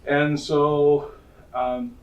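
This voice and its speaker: A man's voice: a little high, level tone, very slow. A man from Norway with a Norwegian accent, casually telling childhood stories in a presentation, chatty and self-deprecating, with many restarts. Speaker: college counselor giving a presentation. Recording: roomy, distant mic with faint ambience.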